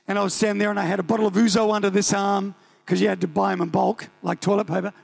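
Gravelly high-voiced New Zealand preacher. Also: male voice, fast talker, soft background music. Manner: animated, joking, acts out voices. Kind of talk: sermon storytelling.

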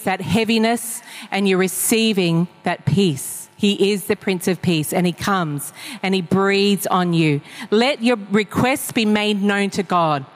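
A woman preaching a sermon, telling personal stories in a conversational way with frequent fillers. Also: mid-range voice. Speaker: pastor. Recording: long reverb of a large hall.

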